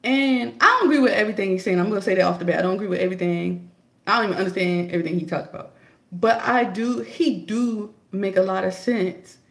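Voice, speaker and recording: A young adult woman vlogging a casual, chatty opinion monologue, telling her story in an animated way. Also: quick pace, creaky, roomy sound. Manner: chatty, animated storytelling, jumps high to act out her own quotes.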